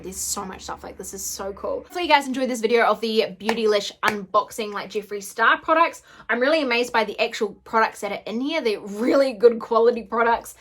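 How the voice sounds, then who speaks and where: A woman beauty vlogger in an excited unboxing chat, gushing and often gasping and squealing. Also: fairly high pitch.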